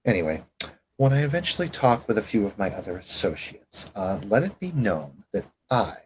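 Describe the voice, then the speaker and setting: Man voicing a vampire fixer, very low voice, courtly, measured, faint noise behind. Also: very animated, poor audio. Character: suave formal male vampire fixer, courteous, self-assured. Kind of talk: tabletop role-play.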